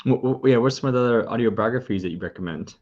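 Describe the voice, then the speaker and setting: A man hosting a podcast interview, friendly and prone to stammered restarts and quick laughs. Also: medium pitch, darkish tone, dull audio. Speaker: podcast host. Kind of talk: casual interview.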